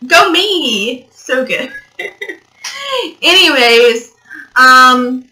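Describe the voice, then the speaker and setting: Telling a story for her casual vlog, the young woman wanders off track, cracks jokes, curses and laughs a lot. She sounds very animated yet extremely slow, with a high, bright, pushed voice; the recording is rough, captured on the built-in mic since hers wasn't plugged in.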